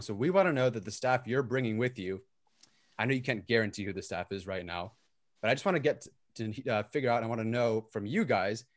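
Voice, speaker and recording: A man hosting a comedic mock job interview, prompting each guest briskly. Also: on the low side. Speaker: podcast host playing interviewer.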